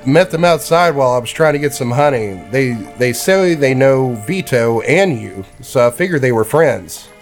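A man's voice: mid-range voice, expressive, normal speed, few pauses, soft background music, pitched above the performer's own voice, lightly acted. A man voicing a friendly young male beast-folk guide in a tabletop game. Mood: eager.

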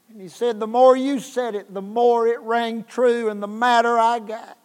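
A man preaching a revival sermon as guest preacher, telling a story that swings from hushed tones to loud bursts, with repeated words. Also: very high-pitched, steady tone, normal speed, hardly any pauses, clean tone. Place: church sanctuary. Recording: long hall reverb.

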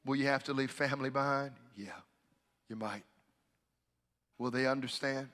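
Man preaching, hushed to shouting. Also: mid-range voice, steady tone, normal speed, big-room sound. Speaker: pastor. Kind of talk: sermon.

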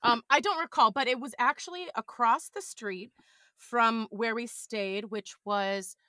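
A woman's voice: on the high side, measured pace, sharp tone, no room sound, clean studio sound. A woman chatting as a podcast guest, telling playful stories in a casual way. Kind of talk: casual chat.

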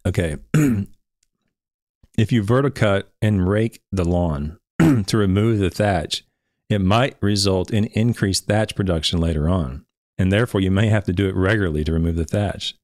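A man's voice: sits low, normal speed, a little mellow, no room sound, studio quality. A man hosting a podcast, reading a research paper aloud and critiquing it with insistent emphasis and bursts of giggling. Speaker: podcast host reviewing turf research.

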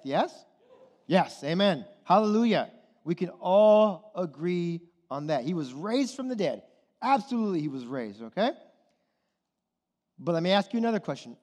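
A man's voice: sits high, a little mellow. A man preaching a sermon as pastor, asking the congregation question after question and checking in with "okay?" and "right?". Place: church hall. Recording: long hall reverb.

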